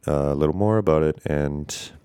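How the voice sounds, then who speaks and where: A man's voice: very deep voice, moderate pace, dark tone, clean tone, dry recording, clean studio sound. A man hosting a casual podcast, rambling and hesitant with many fillers, congested and tired, breathing through his mouth. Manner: rambling, hesitant, lots of fillers, self-deprecating. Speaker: podcast host.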